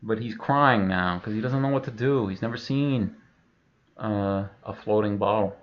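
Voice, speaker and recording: Gravelly man telling a rambling comic story. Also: lowish voice, moderate pace, dull audio. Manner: profane, rambling, full of filler. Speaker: comedian.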